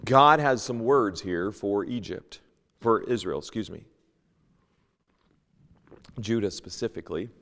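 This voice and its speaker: A man teaching a Sunday school lesson, reading King James scripture aloud and moving between loud emphasis and hushed asides. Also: on the low side, a little slow, long pauses, long reverb tail. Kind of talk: Bible teaching, sermon. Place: church.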